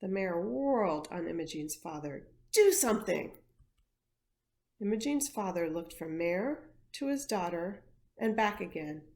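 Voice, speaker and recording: A woman, an education coordinator, reading a picture book aloud with expressive storytelling. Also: lowish voice, moderate pace.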